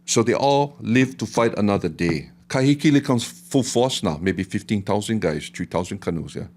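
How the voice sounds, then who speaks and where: A middle-aged man from Hawaii with a Hawaiian Pidgin accent, telling a story on a podcast in an animated way and dropping to a hush for the dramatic parts. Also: on the low side, normal speed. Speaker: guest artist and historian. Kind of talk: storytelling in casual podcast talk.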